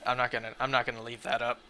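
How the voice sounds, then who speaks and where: A man's voice: medium pitch, sharp tone, slight background noise. A man streaming a shiny hunt, chatting casually to his viewers in a rambling way full of "like"s. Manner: rambling, filler-heavy talk with many "like"s. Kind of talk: casual livestream chat while shiny hunting.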